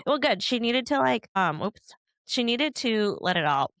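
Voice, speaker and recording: A woman's voice: fairly high pitch, very animated, measured pace, fairly bright tone, dry recording. Young woman, podcast co-host, chatty and giggly, dry close sound. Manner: chatty, lots of likes and laughs. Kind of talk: casual chat.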